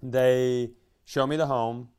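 A man's voice: mid-range voice, steady tone, a little mellow, clean tone. A man co-hosting a podcast, telling a rambling, self-deprecating story in casual chat, offhand and sometimes profane. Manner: quick, offhand delivery with profanity. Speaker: podcast co-host, comedian.

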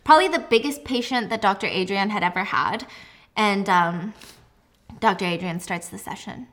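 A woman host casually retelling a spooky story in a chatty, animated way. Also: medium pitch, normal speed. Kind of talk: casual true-crime-style story retelling.

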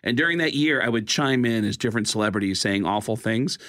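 A male comedian and impressionist telling comic stories in a casual chat, animated and laughing along. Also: lowish voice, fast talker. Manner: animated, slips into voices, laughs while telling.

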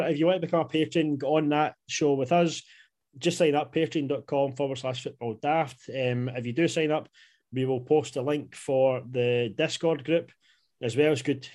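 A man's voice: on the high side, steady tone, fairly quick. A young Scottish man co-hosting a casual podcast, laid-back and bantering, calling his co-host "mate". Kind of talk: casual chat. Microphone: podcast microphone.

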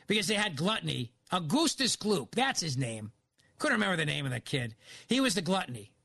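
Philly-accented male radio host, opinionated, high and bright. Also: fairly quick, vocal fry, husky, no room sound. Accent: Philadelphia. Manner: animated, opinionated. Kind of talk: talk radio monologue.

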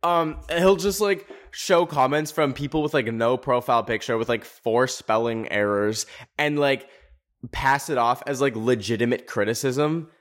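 A young male podcast host in a loose, profane rant. He talks sarcastically at a middling pitch, and it jumps sharply higher whenever he gets worked up. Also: moderate pace. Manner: animated, profane, sarcastic, pitch leaping up on emphasis. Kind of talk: casual ranting commentary.

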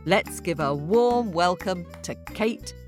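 Playful woman host of a kids' story show, unhurried, lively pitch, music underneath. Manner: chatty, playful, quizzing listeners. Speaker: podcast host. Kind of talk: children's podcast introduction. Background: background music.

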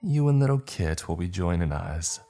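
A man's voice: low-pitched, sing-song, moderate pace, warm tone, faint music behind. A man voicing a sinister woman impostor who coos and mocks her captives. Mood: cooing. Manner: cooing, mocking.

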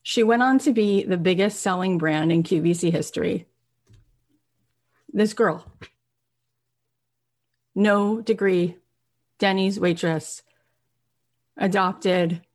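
A woman telling an inspirational success story, animated, acting out the people in it. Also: lowish voice, slow, long pauses. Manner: animated retelling with acted quotes, rising intensity. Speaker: motivational speaker.

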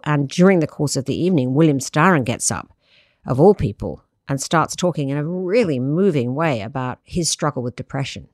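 A woman's voice: a bass voice, no room sound, studio quality. An older woman, a magazine editor, telling stories as an interview guest with many asides. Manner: lively storytelling, many "you know" and "I mean". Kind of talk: relaxed interview conversation.

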